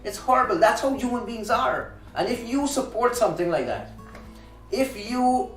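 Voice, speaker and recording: A man's voice: very high voice, expressive, moderate pace, roomy sound, far from the mic, faint music behind, poor audio. A man hosting a talk show, delivering an impassioned, indignant monologue with frequent restarts.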